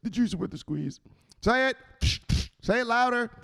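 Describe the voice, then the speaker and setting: A man's voice: sits high, expressive, normal speed, vocal fry, voice pushed up, exaggerated voice. A man voicing a stern, bossy male boss who scolds and repeats his orders. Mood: scolding. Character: stern, bossy male crypto enforcer, relentless.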